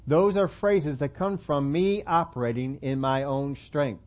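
A man with a fairly high voice preaches in an easy, conversational way, teasing himself and turning to the congregation with questions. The recording is dull and lo-fi. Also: unhurried. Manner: conversational, self-deprecating, asks the congregation questions. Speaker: pastor. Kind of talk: sermon. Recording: dull lo-fi sermon audio.

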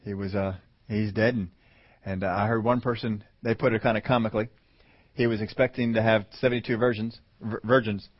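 A man's voice: fairly low pitch, steady tone, brisk, husky, no room sound, lo-fi sound. A man preaching a sermon in a conversational way, chuckling and rising to emphatic peaks.

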